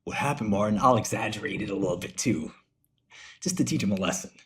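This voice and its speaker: A man's voice: fairly low pitch, lively intonation, fast, vocal fry, slight background noise. Slangy, easygoing male streamer. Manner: loose, slangy storytelling, calls listeners bro. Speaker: finance streamer and host. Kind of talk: casual livestream chat while browsing research.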